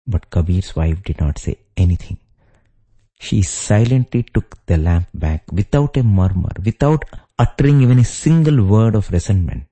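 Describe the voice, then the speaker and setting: Low husky guy, mellow tone, telling saint stories in a spiritual talk. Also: expressive, moderate pace. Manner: storytelling, acts out quoted lines. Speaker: spiritual speaker. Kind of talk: devotional discourse with stories.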